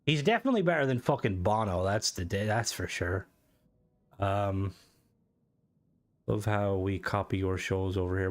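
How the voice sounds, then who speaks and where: A young man from Ireland with a softened Irish accent, casually chatting on his livestream, rambling, swearing and greeting viewers as he reads their comments. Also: low voice, expressive, normal speed, pauses often. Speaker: streamer.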